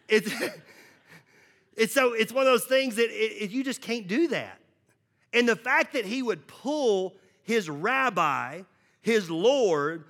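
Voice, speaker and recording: Guy preaching a sermon, high bright voice, acts out little scenes. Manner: animated, acts out little dialogues, quick asides. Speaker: pastor.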